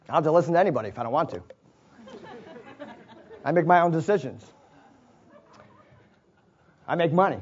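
High-voiced man telling a sermon story. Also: expressive, a little fast, pauses often. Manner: chuckles often, conversational asides. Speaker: pastor. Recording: dull lo-fi recording.

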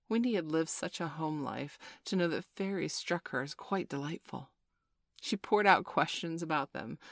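A woman narrating a classic children's story aloud in a gentle, expressive way. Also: low voice, gravelly, no room sound.

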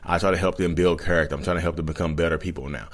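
Brief: man in his thirties, very low voice, fast and rambling, blunt vlog confessional. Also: fairly even intonation. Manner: blunt, rambling, with self-corrections. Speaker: vlogger. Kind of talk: candid confessional monologue.

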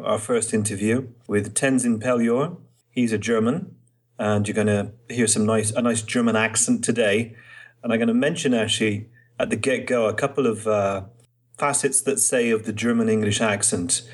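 A man's voice: mid-range voice, fairly even intonation, normal speed. A man hosting a podcast in casual chat, explaining things with examples. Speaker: podcast host. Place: Trieste, Italy.

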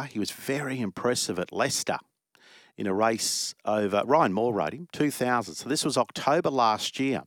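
A man's voice: fairly low pitch, a bit bright, no room sound, studio quality. A man hosting a horse racing radio show, chatty and rambling as he reads out betting odds.

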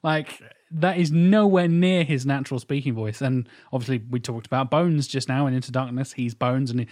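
A man chatting enthusiastically on a podcast, full of quick asides. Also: mid-range voice, a little mellow, no echo, studio quality. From England. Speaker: podcast guest. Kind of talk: casual chat.

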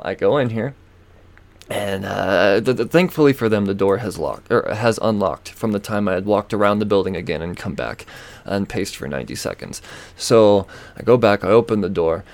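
A man on a podcast tells a story as a profane, exasperated rant. His voice sits on the low side and is recorded close and dry, with no room sound. The delivery stays casual and comic throughout. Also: no echo. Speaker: podcast host.

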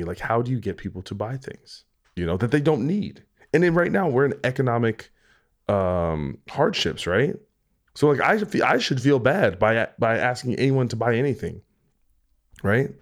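A man hosting a podcast, talking in a rambling, joking way with lots of restarts. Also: mid-range voice. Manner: rambling, joking, self-interrupting. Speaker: podcast host. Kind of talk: casual solo chat.

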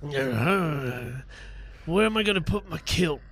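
A man's voice: fairly high pitch, lively intonation, a little slow, a bit bright, breathy edge. Jokey man goofing at the game table. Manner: jokey, goofing around in character. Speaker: player. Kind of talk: casual tabletop play.

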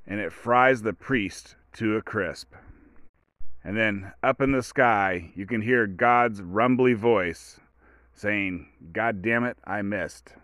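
A man's voice: lowish voice, a bit bright, dry recording. A man hosting a podcast, talking in a casual rambling monologue full of asides and restarts. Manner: rambling, self-interrupting, storytelling asides. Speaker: podcast host.

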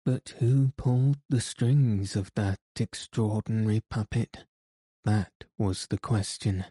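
A man reading a classic novel aloud in measured, even scripted narration. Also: on the low side, breathy edge, no echo, clean studio sound. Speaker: audiobook narrator.

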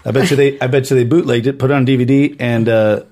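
A man's voice: medium pitch, fairly even intonation, fast talker, warm tone. A man co-hosting a podcast, joking and teasing his co-host in casual banter with some swearing.

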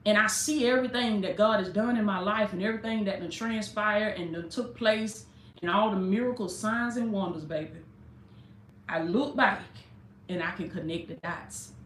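A woman's voice: medium pitch, moderate pace, fairly bright tone, a little hiss or hum. Fervent woman preaching in an echoey room. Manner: fervent preaching with casual direct address. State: jittery from coffee. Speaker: life coach and preacher. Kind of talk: live-streamed sermon.

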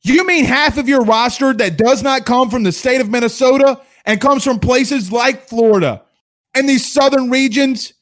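A man from Louisiana hosts a sports livestream in a fired-up, combative rant. His voice sits high for a man, and his tone is sarcastic. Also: moderate pace, a bit bright. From Louisiana, USA. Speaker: sports show host.

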